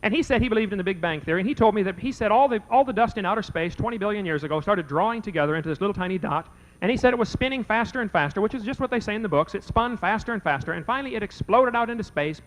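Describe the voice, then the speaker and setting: A man with a high-pitched, animated voice speaks quickly over poor audio. He is debating in front of a live audience, telling a folksy anecdote and playing both sides of a conversation.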